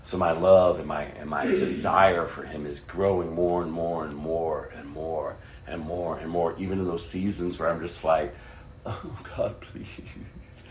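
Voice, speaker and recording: Middle-aged male pastor, low-pitched, passionate sermon delivery with whispered lows, roomy echo. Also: fairly even intonation, moderate pace, slight background noise. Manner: swings from hushed whispers to loud, impassioned preaching. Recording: echoey room with faint ambience.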